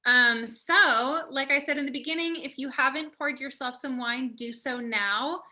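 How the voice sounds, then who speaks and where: A woman's voice: high voice, moderate pace, bright, forceful tone. A young woman casually hosting an online wine tasting over a video call, chatty and upbeat with lots of fillers.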